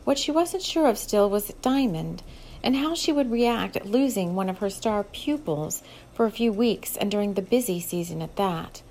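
A woman reading a novel aloud as an audiobook narrator, in a steady, measured storytelling voice. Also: mid-range voice, a little hiss or hum. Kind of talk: scripted narration.

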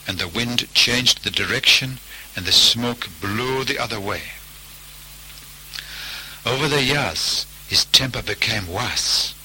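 A man telling a folk tale as storybook narration, in a measured way. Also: medium pitch, sharp tone, slight background noise, low-quality recording.

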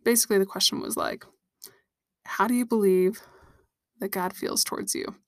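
A woman hosts a devotional podcast, speaking earnestly and personally to her listeners. Her voice sits at an ordinary middle pitch. The recording is dry and close, with no room echo. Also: steady tone, normal speed. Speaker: Christian podcast host.

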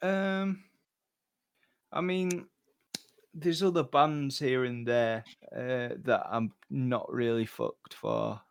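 A man's voice: mid-range voice, expressive, slow pace, gravelly, clean tone. A man co-hosting a podcast, chatting casually with hesitant, dry banter. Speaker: podcast co-host. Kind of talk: casual chat.

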